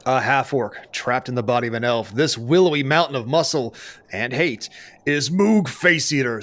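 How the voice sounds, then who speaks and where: Playful man running a tabletop game. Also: mid-range voice. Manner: playful, dramatic storyteller. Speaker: game master.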